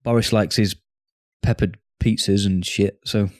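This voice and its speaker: A man's voice: on the low side, steady tone, a little slow, darkish tone. A man co-hosting a podcast, chatting in an easygoing way with teasing banter. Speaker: podcast co-host. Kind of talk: casual chat over drinks.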